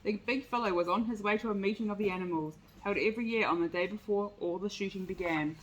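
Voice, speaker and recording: A woman's voice: medium pitch, quick pace, lo-fi sound. A woman reading a picture book aloud with expression. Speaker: storyteller.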